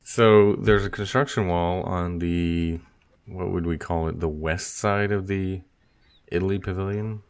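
A man's voice: sits low, fairly even intonation, a little slow, smooth. A man co-hosting a casual theme-park podcast, thinking aloud with fillers and laughing easily. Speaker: podcast co-host. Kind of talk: casual chat.

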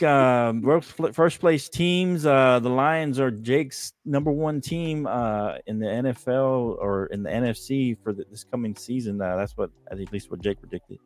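A man hosting a casual sports talk show, relaxed and full of fillers, laughing easily. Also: medium pitch, unhurried, few pauses, dry recording. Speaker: host.

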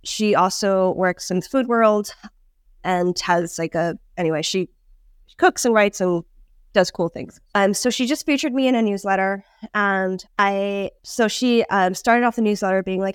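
A woman's voice: mid-range voice, moderate pace, clear, resonant tone, no echo. Woman chef storyteller, says like a lot, dry close sound. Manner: animated storytelling, many "like"s. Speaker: podcast guest, chef and food writer. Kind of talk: casual conversation.

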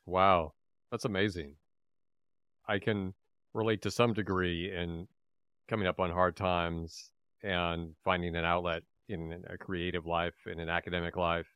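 A man's voice: deep voice, level tone, measured pace, fairly bright tone, clear, resonant tone, no echo. A man hosting a casual interview, laughing easily and giving short encouraging replies. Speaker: podcast host.

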